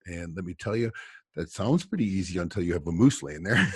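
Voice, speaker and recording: A man's voice: low-pitched, big pitch swings, normal speed, a little mellow, slightly rough, dry recording, studio quality. A man, a trapper guest on a podcast, telling rambling stories from his office and chuckling often. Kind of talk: casual podcast chat.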